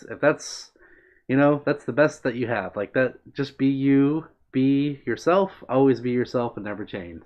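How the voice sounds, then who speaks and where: Heard through lo-fi sound, a mid-range male voice chats casually on a livestream. He wanders from topic to topic in a friendly way, reading comments and replying to viewers by name.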